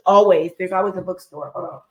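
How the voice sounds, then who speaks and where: A woman hosting a casual live reaction show, animated and often breaking into laughter as she talks to viewers. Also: fairly low pitch, normal speed, muffled recording. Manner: talks straight to her viewers and co-hosts by name. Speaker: live commentary host.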